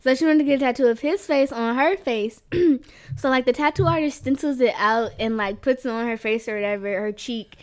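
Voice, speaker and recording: A woman's voice: high-pitched, a little fast. A young woman co-hosting a podcast, telling a story in casual chat, laughing often and filling her talk with "like". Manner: giggly storyteller, lots of "like". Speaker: podcast co-host.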